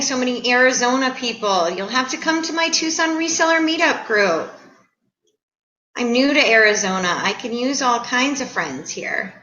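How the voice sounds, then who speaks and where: A middle-aged woman from the Chicago area, hosting a live stream and greeting viewers in a bubbly, excitable, chatty way. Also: a little high, slight background noise. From Chicago area, USA. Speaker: livestream host. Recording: echoey room.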